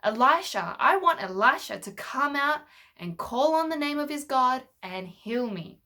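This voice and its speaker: A woman's voice: high-pitched, animated, a little slow, pushed and bright, pitched above the performer's own voice, full character voice. A woman voicing a proud, angry army commander in a children's Bible story. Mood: indignant. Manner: indignant and blustering.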